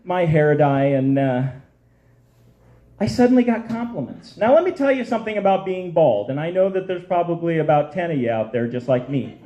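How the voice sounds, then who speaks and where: A man in his forties doing a stand-up comedy set on stage, with punchy, self-mocking delivery. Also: sits high. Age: 40s. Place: comedy stage before a live audience.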